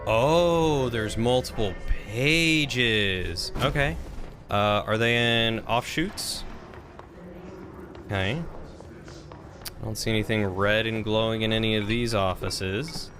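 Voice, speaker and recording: A man's voice: lowish voice, takes it slowly, a bit bright, faint music behind. A man streaming a game live, chatting casually and thinking aloud as he plays.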